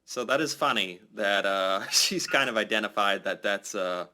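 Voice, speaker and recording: American guest, bright forceful tone, relaxed thoughtful reactions. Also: male voice, fairly low pitch, moderate pace, slight background noise. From United States. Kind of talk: casual reaction chat.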